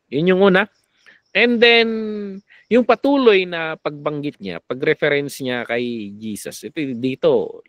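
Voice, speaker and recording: Lively Filipino man teaching Bible. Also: mid-range voice, no room sound. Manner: animated, mixing Tagalog and English, sarcastic asides. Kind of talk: Taglish Bible lecture.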